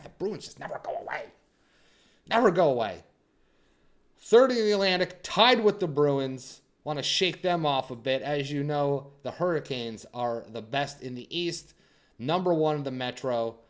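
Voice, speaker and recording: Playful, slightly high-voiced sports host. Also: male voice. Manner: playful, teasing, swings between loud hype and quiet asides. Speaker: hockey channel host. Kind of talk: casual sports news commentary.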